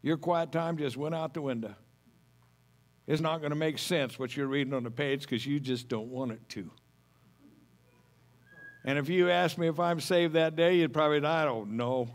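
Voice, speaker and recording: A man's voice: a little high, fairly even intonation, normal speed, long pauses. A middle-aged man preaching a sermon as pastor, folksy and homespun, telling stories with humor.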